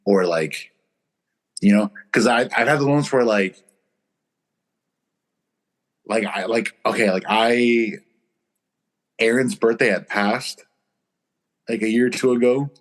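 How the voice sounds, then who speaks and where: A man's voice: medium pitch, takes it slowly, pauses often. A man co-hosting a podcast, chatting casually in a rambling way full of fillers. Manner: rambling, filler-heavy with lots of "like". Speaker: podcast co-host. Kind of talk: casual chat.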